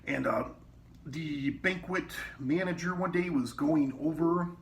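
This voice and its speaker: A man's voice: a little high, a little slow. A man telling rambling, profane stories about his old kitchen job in a casual way. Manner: rambling, quotes people in raised voices, swears often. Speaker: former cook telling work stories. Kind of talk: casual storytelling. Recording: distant mic with faint background noise.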